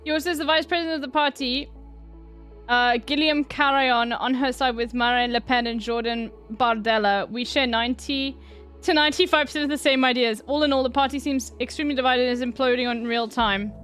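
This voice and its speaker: Woman, streamer, high voice, giggly, casual chat, faint music behind. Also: fairly even intonation, brisk, a bit bright. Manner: giggly, swearing, trails off mid-sentence. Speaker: streamer reacting to news.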